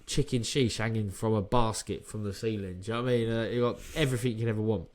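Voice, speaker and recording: A man, a former boxer co-hosting a podcast, telling stories in an animated, swearing, laughing chat. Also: fairly low pitch, fast. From England. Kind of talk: casual storytelling chat.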